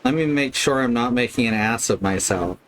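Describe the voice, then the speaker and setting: A man's voice: mid-range voice, fairly quick, fairly bright tone, slight background noise. A man streaming a video game live, commenting casually and wryly. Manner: casual, wry, critical.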